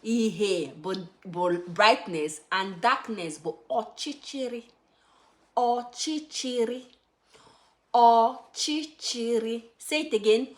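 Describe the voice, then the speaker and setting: A woman's voice: mid-range voice, lively intonation. A young Nigerian woman from Anambra with an Igbo accent, teaching Igbo words to beginners and repeating each word for learners to follow. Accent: Nigerian English, Igbo. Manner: slow, repeats words for learners with emphatic drilling. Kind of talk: beginner language lesson.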